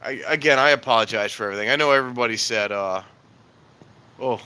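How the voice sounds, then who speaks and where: A man's voice: medium pitch, fast talker, pushed and bright. Rambling man livestreaming from a phone. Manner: rambling, joking, keeps promising to wrap up. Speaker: livestream host. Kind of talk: casual live stream chat. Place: outdoors on a cold night, then inside an elevator. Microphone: handheld phone. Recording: roomy echo and clear background noise.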